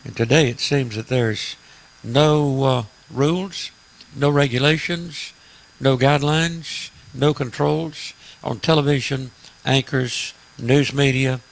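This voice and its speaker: A man's voice: medium pitch, steady tone, takes it slowly, creaky, poor audio. A man hosting a radio talk show, delivering an emphatic, preachy political monologue with frequent "uh" fillers.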